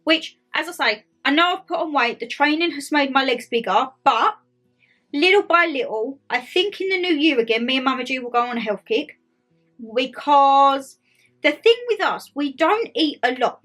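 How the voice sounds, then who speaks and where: Bubbly, bright-voiced woman vlogging. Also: sits high, lively intonation, normal speed, soft background music. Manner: chatty, bubbly, lots of "like" and quoted asides. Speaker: vlogger host. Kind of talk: casual chat to camera. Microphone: tablet camera.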